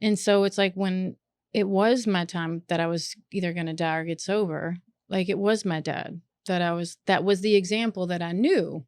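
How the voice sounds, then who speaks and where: A woman hosting a podcast in casual chat, earnest and animated, with plenty of swearing. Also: on the low side, moderate pace, dry recording. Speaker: podcast host.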